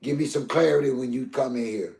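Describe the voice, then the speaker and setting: Gravelly man on a live stream. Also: mid-range voice, a little fast, darkish tone, reverberant. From Southern US. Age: older. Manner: heated, preachy, addresses chat directly. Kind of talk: emotional live stream talk.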